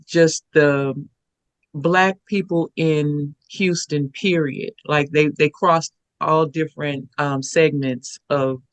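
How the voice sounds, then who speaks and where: A woman's voice: sits low, no echo. A woman guest on a podcast telling stories and imitating how others spoke. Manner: storytelling, mimics others' voices. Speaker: guest, dancer. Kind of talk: conversational interview.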